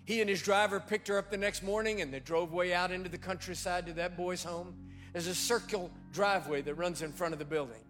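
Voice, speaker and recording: A man's voice: high voice, brisk, a bit bright, faint music behind. A man preaching a sermon, telling a story and acting out the quoted voices.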